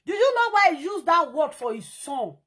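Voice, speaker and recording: A woman with a Nigerian Pidgin accent giving an animated, scolding commentary rant. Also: extremely high pitch, moderate pace. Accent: Nigerian Pidgin English. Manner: scolding, animated, mimics and sing-songs.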